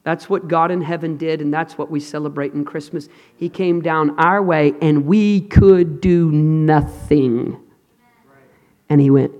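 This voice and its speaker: Male preacher, high voice, dramatic hushed-to-loud delivery, long hall reverb. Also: fairly even intonation, measured pace, highs cut off. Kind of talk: sermon. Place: large hall with an audience.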